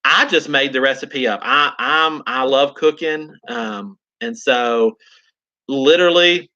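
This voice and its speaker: An upbeat man with a thick South Carolina drawl chats easily with his live-stream viewers and answers their comments as they come in. His voice is bright and forward, and the sound is a little dull and lo-fi, like a basic stream mic. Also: on the high side. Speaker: gardening channel host. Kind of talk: casual live-stream chat.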